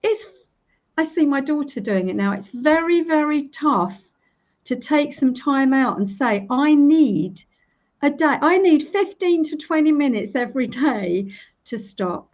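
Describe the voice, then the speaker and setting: Woman, 50s, interview guest, demonstrative, acts out examples, fairly high voice, muffled lo-fi sound. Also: expressive, measured pace, darkish tone. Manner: demonstrative, acts out sample self-talk while tapping. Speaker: EFT practitioner, guest. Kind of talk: casual interview. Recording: dull lo-fi recording.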